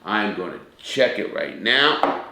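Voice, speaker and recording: A man's voice: on the low side, expressive, slow, creaky, very noisy. A middle-aged man hosting a casual cooking demonstration, chatting straight to his viewers as he cooks. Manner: chatty, talks straight to viewers as "people" and "guys". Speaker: cooking show host. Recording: echoey room.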